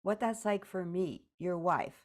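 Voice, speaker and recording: A woman therapist leading a session, gently prompting and directing her client step by step. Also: on the low side, unhurried.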